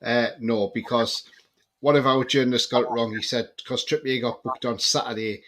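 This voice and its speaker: A man, a Newcastle fan guest on a live stream, calmly explaining things in a casual chat. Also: mid-range voice, normal speed.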